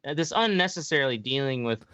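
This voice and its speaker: A man's voice: medium pitch, animated, quick pace, sharp tone, clear, resonant tone, dry recording. A man hosting a podcast, ranting in a rambling, profane way in casual chat. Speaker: podcast host.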